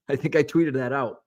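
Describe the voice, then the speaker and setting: A man's voice: mid-range voice, darkish tone, dull audio. A man hosting a casual livestream, rambling with fillers as he reads viewer comments aloud. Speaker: livestream host reading chat.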